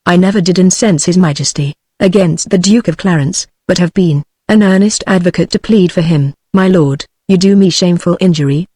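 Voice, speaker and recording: A text-to-speech woman's voice with a British English accent reads the lines of a proud, wary queen in a flat, even manner. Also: lowish voice, a little fast, few pauses, no room sound, studio quality, close to an everyday voice. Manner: flat, even synthetic reading.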